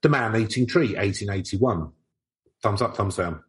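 A man's voice: lowish voice, expressive, moderate pace. A man co-hosting a casual comedy podcast, who reads old articles aloud in a playful, stiff old-fashioned voice. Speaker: podcast co-host.

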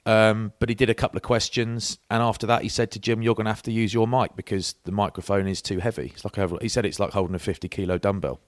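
Middle-aged man, lower voice, animated storyteller, dry studio sound. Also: fast, hardly any pauses, dry recording. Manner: lively storyteller, says mate a lot. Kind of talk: casual chat, anecdote telling.

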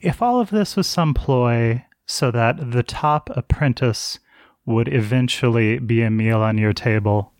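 A man's voice: mid-range voice, a little slow, a little mellow, dry recording, close to an everyday voice. Wry guarded apprentice chef, voiced by a man, dry and sardonic, close dry sound. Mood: probing.

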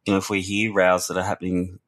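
A man's voice: sits low, completely flat delivery, fast talker, fairly bright tone. A man, a researcher and former youth worker, talking earnestly and reflectively in a podcast discussion, often restarting his words.

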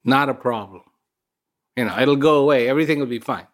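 A man's voice: mid-range voice, quick pace, voice pushed down, close to an everyday voice. A man voicing a complacent old ruler in a retold story, brushing off every warning. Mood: dismissive.

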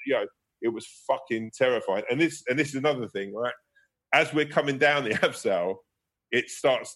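A man's voice: mid-range voice, fairly bright tone. A man, a guest comedian, telling rambling anecdotes in a casual interview, laughing and swearing as he goes.

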